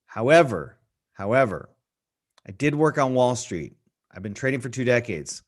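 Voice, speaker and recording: A man's voice: medium pitch, very animated, moderate pace. A middle-aged man hosting a live trading stream, talking casually, answering viewers' questions and repeating key points for emphasis. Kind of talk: live market analysis stream.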